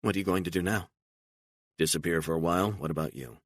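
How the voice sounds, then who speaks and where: A man's voice: low-pitched, fast talker, no echo, studio quality, pitched above the performer's own voice. A man voicing a frightened, emotional woman on the run, pleading and incredulous and raising her voice often, in an audiobook. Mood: tearful.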